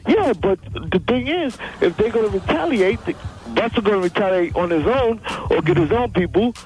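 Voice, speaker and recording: Male radio caller, high voice, earnest and opinionated, streetwise talk. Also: lively intonation, moderate pace, a little mellow, faint music behind, low-quality recording.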